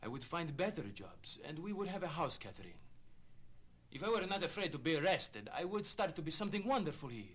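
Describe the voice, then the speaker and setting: A proud, passionate young Italian immigrant talks in a high, bright voice with an Italian accent. His pitch swings widely as he pleads and then flares up, and the scene has the feel of a film drama. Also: big pitch swings, a little fast, roomy sound. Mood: earnest. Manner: pleading, flaring into proud anger.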